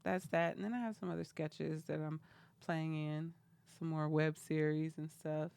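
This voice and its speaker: A woman guest co-hosting a comedy podcast, playful and quick to laugh. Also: sits low, gravelly, smooth. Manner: playful, expressive, laughs a lot. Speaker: guest co-host. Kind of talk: casual comedic chat.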